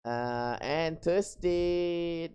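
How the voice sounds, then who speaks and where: A young adult VTuber streamer from Malaysia, chatting casually and getting flustered, often breaking into high laughter. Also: drawn-out words, darkish tone, clear, resonant tone. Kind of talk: casual live-stream chat.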